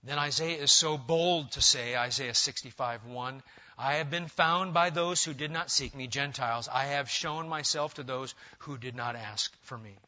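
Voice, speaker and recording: A man preaching an expository sermon as a pastor, swinging between loud urging and quiet intensity. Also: mid-range voice, normal speed, highs cut off.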